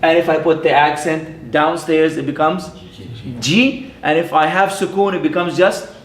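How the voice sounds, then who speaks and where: A man, an imam, teaching a classroom lesson, patient and playful, repeating sounds slowly for his students. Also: a little high, fairly even intonation. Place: mosque classroom. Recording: echoey room.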